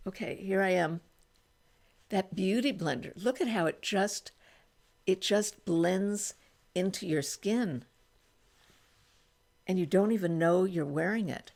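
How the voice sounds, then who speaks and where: A woman's voice: on the low side, gravelly, a little mellow. A woman in her eighties chatting casually while trying on makeup in a small room at home, thinking aloud and restarting her sentences. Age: 80s. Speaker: beauty vlogger. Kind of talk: casual makeup try-on vlog.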